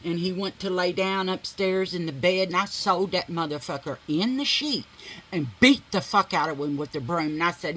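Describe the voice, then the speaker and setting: A woman's voice: lowish voice, normal speed, a bit bright, poor audio. A middle-aged woman vlogger telling a dramatic story while doing her makeup, blunt and full of swearing.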